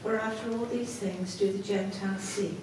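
A woman reading Bible passages aloud in a measured way. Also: medium pitch, steady tone. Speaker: scripture reader. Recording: distant mic in a very echoey hall with noise.

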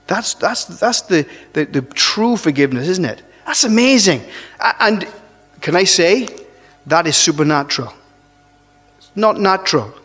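A man preaching a sermon, earnest and halting, often restarting his phrases and pushing up into emphatic rises. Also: high voice, animated, fairly bright tone, husky. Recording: long reverb of a large hall.

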